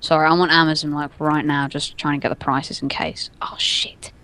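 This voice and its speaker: A young man telling a story on a gaming podcast, acting out quotes with loud yelps and laughs. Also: a little high, little pitch movement, brisk. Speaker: podcast co-host. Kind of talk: casual storytelling chat.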